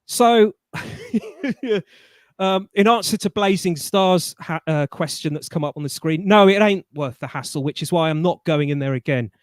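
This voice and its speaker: A man with a somewhat high voice tells a story on a live online chat. He is animated and colloquial and trips over his words as he goes. The sound is close and dry, with no room in it. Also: unhurried, no room sound. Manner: animated, stammering restarts, colloquial. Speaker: guest.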